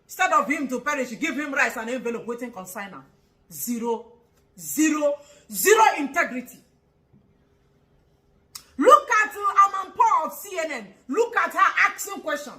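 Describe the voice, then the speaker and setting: A woman with a Nigerian accent delivers an angry vlog commentary, firing rhetorical questions, laughing mockingly and sometimes shouting. Her voice is high, bright and sharp. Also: animated, a little fast, few pauses, low-quality recording.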